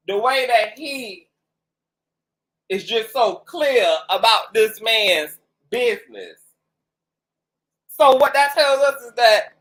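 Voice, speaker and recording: A woman delivering sassy gossip commentary, her pitch leaping all over the place. She talks slowly and drawls her mocking asides. Her voice is bright and sharp. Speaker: commentary host.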